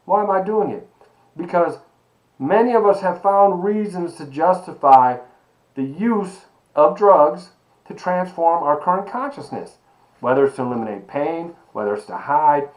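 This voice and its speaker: A man teaching an online sociology lecture, animated and emphatic, asking rhetorical questions and calling his students baby. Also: a little high, low-quality recording. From Miami. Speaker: sociology professor.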